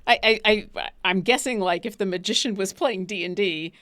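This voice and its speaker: A woman's voice: medium pitch, moderate pace, a bit bright, dry recording, studio quality. A woman co-hosting a casual show chat, rambling with restarts and often giggling. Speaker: podcast co-host.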